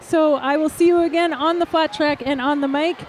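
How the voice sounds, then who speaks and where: A woman announcing roller derby live, excitable and gushing. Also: high voice, brisk, slight background noise. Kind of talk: live sports commentary.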